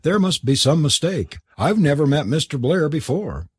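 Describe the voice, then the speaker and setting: A husky-voiced man reading aloud, voicing a brisk, cordial young woman. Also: on the high side, very animated, no room sound, clean studio sound, pitched above the performer's own voice, exaggerated voice.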